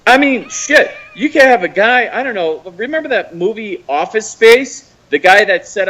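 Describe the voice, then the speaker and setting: A fairly high-voiced American man calls in and rants, his pitch leaping and dropping as he mocks someone. He swears freely and his tone stays scornful throughout. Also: moderate pace, few pauses, low-quality recording. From United States. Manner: profane, mocking, animated ranting. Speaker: caller. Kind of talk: heated call-in rant.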